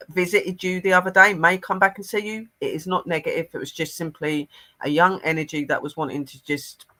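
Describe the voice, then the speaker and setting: A man's voice: a little high, sharp tone. A man working as a psychic medium on a live stream, passing on spirit messages in an earnest, rambling way. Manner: earnest and rambling, many fillers.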